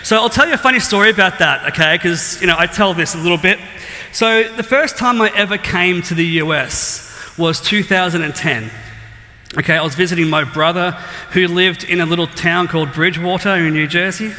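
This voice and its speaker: A man's voice: high-pitched, fairly quick, bright, forceful tone. A man in his thirties with an Australian accent, a student ministries pastor joking with the congregation and quizzing them at the start of a sermon. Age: 30s. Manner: joking, self-deprecating, quizzes the crowd. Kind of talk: casual sermon opening with audience quiz. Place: church auditorium. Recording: long hall reverb in church.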